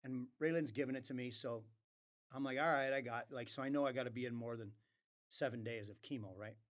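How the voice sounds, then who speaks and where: A man's voice: mid-range voice, fairly quick. A man telling a long story as a podcast guest, acting out the dialogue of others and swearing freely. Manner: animated, acts out quoted dialogue, swears freely. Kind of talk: casual storytelling.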